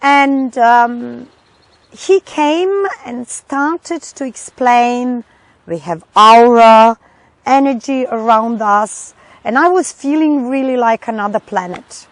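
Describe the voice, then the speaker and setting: A middle-aged woman, a doctor, recounting a personal experience in halting English, often searching for words. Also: on the high side, no echo, poor audio. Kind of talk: personal testimony.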